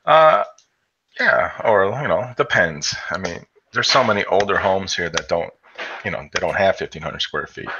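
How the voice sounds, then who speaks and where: A man's voice: low voice, moderate pace, husky. A man from the area, chatting casually on a stream and rambling with many fillers and restarts. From Chicago area, US. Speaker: stream co-host. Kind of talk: casual chat. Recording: dull lo-fi with steady noise.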